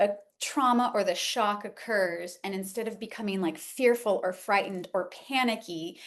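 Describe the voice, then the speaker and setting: A middle-aged woman gives an informal talk to a group. She speaks in a loose, conversational way and leans on fillers and "like" as she explains. Her voice sits in an ordinary middle range. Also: mid-range voice. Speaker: homeopathy educator. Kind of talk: informal lecture.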